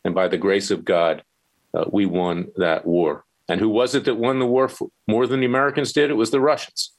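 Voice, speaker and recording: A male talk radio host with a very low voice delivers a heated, opinionated monologue. He talks in a combative, emphatic way and pushes each point hard. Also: fairly even intonation, a little fast, low-quality recording.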